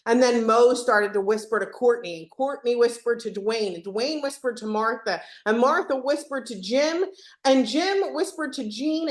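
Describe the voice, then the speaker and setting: A woman hosting a live software demo webinar in a casual, joking way, laughing often and acting out what team members say. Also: high-pitched, reverberant.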